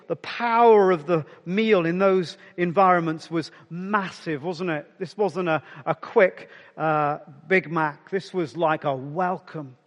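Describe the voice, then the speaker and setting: High-voiced preacher in a reverberant hall. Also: male voice, takes it slowly, hardly any pauses. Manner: conversational preaching, dropping to soft near-whispers for emphasis. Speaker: pastor. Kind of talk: sermon.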